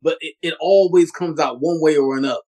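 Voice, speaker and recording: Man, podcast panelist, eager and talkative, somewhat high voice. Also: fairly quick, mellow. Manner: eager, talkative, asks for agreement. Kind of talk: casual fan discussion.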